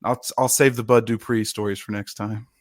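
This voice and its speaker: Animated male podcast storyteller, dry sound. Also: fairly low pitch, a little fast, no echo. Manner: animated storyteller, shouts quoted lines, laughs often. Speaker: podcast co-host, former lineman. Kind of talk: casual storytelling chat.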